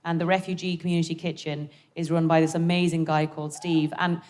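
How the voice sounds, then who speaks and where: Woman, comedian guest, live stage, lower voice, chatty, animated, jokey storytelling. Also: a little fast, slight background noise. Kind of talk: lively onstage storytelling. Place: live theatre stage before an audience.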